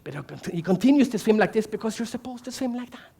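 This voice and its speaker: Animated high-voiced man telling stories on stage. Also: fast, gravelly, breathy edge. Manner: animated storyteller, asks the audience questions, acts out quotes. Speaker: keynote speaker. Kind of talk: storytelling keynote speech. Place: large conference hall.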